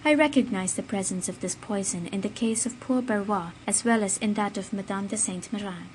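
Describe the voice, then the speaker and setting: A woman's voice: mid-range voice, a little fast, darkish tone, slight background noise, lightly acted, low-quality recording. A woman voicing a grave male doctor who speaks firmly and emphatically. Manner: firm and emphatic.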